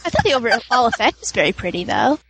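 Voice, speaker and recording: A woman in a casual fan commentary, talking quickly and questioning details. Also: on the high side, sing-song, creaky, a bit bright, slightly rough, rough recording. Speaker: podcast co-host.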